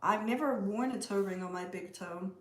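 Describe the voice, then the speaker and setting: A woman's voice: mid-range voice, moderate pace, echoey room. A woman from Canada hosting a casual livestream, chatting and answering viewer comments. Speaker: livestream host. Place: room at home with a pet bird.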